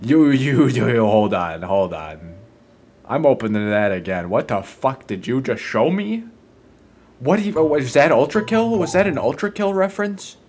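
A man's voice: mid-range voice, big pitch swings, a little slow, a little mellow, a little hiss or hum. A man giving casual gameplay commentary, profane and easily startled. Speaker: gaming video creator.

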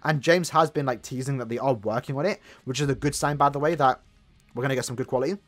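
A man's voice: mid-range voice, fast talker, soft background music. A young sounding man with a sore throat, rambling casually with lots of fillers while he plays a mobile game. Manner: rambling, chatty, many fillers. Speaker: gaming channel host.

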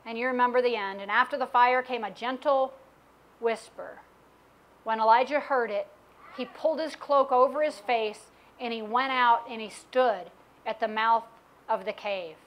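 A woman delivers a church sermon in a high, bright-pitched voice. She reads Bible passages and muses frankly, often admitting uncertainty in a plain, conversational way. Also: moderate pace. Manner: candid, self-questioning Bible teaching with acted quotes. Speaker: preacher.

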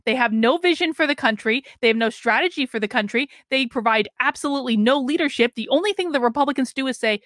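A woman's voice: high-pitched, animated, fast, hardly any pauses, a bit bright, dry recording, studio quality. A woman hosting a ranting political commentary stream, exasperated and emphatic, mocking others with sing-song quotes.

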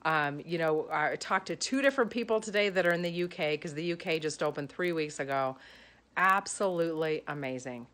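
A woman's voice: sits low, brisk, fairly bright tone. A woman giving an emotional testimonial about her coach, gushing and rambling with many fillers. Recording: music playing under the voice.

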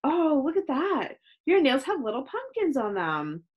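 A woman reading a children's book aloud, voicing a patient teacher who speaks calmly and firmly. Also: high voice, measured pace, highs cut off, voice pushed up, exaggerated voice. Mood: instructing. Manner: calm, firm and instructive. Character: patient kind female teacher.

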